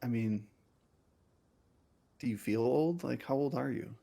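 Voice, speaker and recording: A man's voice: medium pitch, measured pace, vocal fry, dark tone. A man playing a tabletop game, talking casually and repeating words as he thinks. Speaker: player.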